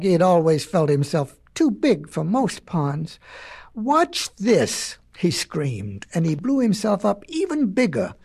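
A storyteller reading a fable aloud to children in a dramatic, expressive manner. The husky voice moves slowly and swings widely in pitch, with playful asides.

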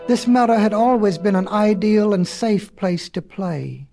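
A storyteller reading a fable aloud to children in a dramatic, expressive way with playful asides. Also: mid-range voice, measured pace, gravelly, faint music behind.

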